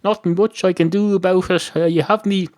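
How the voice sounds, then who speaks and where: A man's voice: high voice, steady tone, brisk, a little mellow, pitched above the performer's own voice, natural voice. An Irish man doing a polite young dog at a bar. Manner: mild, polite and rambling.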